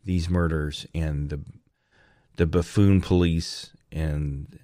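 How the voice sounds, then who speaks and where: A man's voice: deep voice, darkish tone, dry recording, studio quality. A man hosting his own channel, talking in a rambling monologue with sarcastic jokes and frequent restarts. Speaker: channel host.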